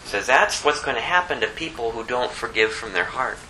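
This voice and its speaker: A man giving an informal sermon, talking conversationally and acting out the people in his stories, climbing high when he stresses a point. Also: lively intonation, bright, forceful tone, slight background noise, rough recording. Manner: conversational, plays out the story characters in quick voices. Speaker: preacher.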